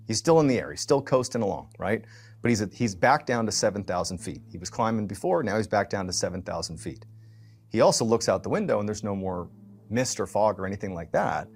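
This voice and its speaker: Husky man telling a story casually. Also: fairly low pitch, darkish tone. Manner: conversational, many fillers and restarts.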